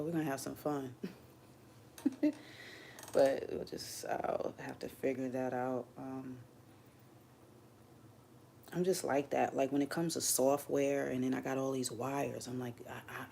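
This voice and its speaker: A woman's voice: very deep voice, vocal fry, a little mellow, slight background noise. A woman hosting a casual livestream, talking candidly and rambling, openly emotional as she speaks to viewers from her home setup. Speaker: livestream host. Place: home streaming setup under bright lights.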